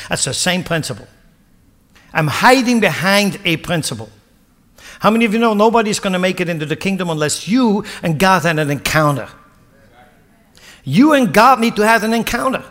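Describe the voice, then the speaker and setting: A man's voice: sits high, expressive, brisk, fairly bright tone. A male pastor preaching a sermon, dramatic and acting out the voices of people in the scripture. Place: church hall. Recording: long reverb of a church hall.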